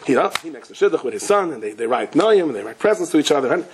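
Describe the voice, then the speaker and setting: A rabbi telling a story in a Torah class in a lively way, who often laughs and breaks into excited character voices. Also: male voice, on the high side, very fast. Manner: laughs often and restarts sentences.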